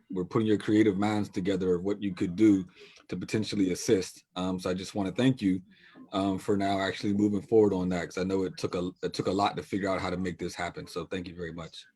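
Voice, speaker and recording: A man speaking as a board member over a video call, earnest and measured. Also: low voice, mellow. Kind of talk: board meeting remarks.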